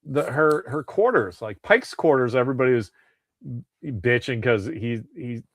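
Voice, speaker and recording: A man's voice: medium pitch, expressive, normal speed, dry recording. Man, podcast co-host, casual rambling chat, cursing, very dry sound. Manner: swearing, rambling with restarts.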